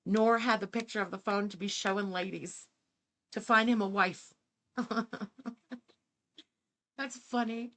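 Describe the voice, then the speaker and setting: A woman's voice: medium pitch, fairly even intonation, unhurried, long pauses, a bit bright, slight background noise. A woman hosting reaction commentary, talking in an incredulous, sarcastic way and swearing freely. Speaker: commentary host.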